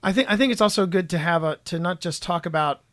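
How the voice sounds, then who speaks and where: A man's voice: high-pitched, fast, fairly bright tone, no echo. A man from the United States co-hosting a podcast in casual, teasing banter, often restarting his sentences. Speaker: podcast co-host.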